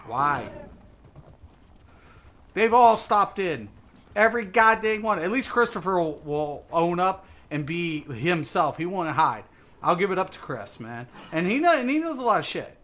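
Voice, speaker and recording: This high-voiced gamer talks a little slowly with big pitch swings and a sharp tone. His casual stream chatter is a profanity-filled, repetitive rant.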